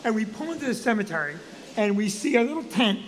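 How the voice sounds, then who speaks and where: A man, a comedian and co-host, telling a funny story in an animated, profane way. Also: high voice, quick pace, big-room sound. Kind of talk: comic storytelling.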